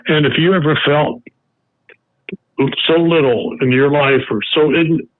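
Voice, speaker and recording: An older man, a former baseball coach, tells a personal story as a podcast guest, halting and restarting often. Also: a little high, fairly even intonation, no echo. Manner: halting, with many restarts and fillers. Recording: narrow phone-like sound.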